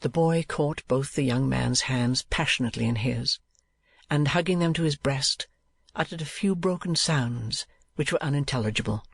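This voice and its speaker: A man reading an audiobook in a measured, even scripted narration. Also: medium pitch, creaky, husky, dry recording.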